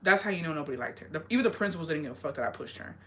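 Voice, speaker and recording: A young woman telling a story in casual chat, swearing constantly and talking in an animated way. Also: low voice, very fast, a little hiss or hum. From rural area.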